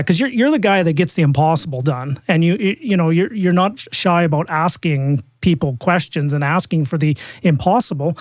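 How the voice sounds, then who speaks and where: A man hosting a podcast, asking an interview question in a halting way and repeating words. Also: fairly high pitch, animated, no room sound, clean studio sound. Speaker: podcast host.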